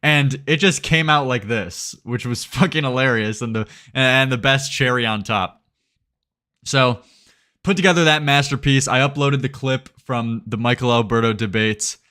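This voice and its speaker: A man's voice: medium pitch, normal speed, pushed and bright, clean tone. A young man giving mocking commentary as a streamer, sarcastic and rambling, often laughing.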